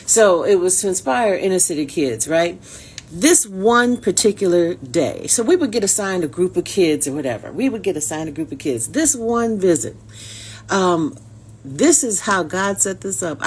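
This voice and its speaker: A woman's voice: lowish voice, animated, normal speed, slight background noise. A woman from Detroit, telling a heartfelt personal story straight to her viewers. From Detroit, USA. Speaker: actress sharing a personal story. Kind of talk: casual inspirational storytelling.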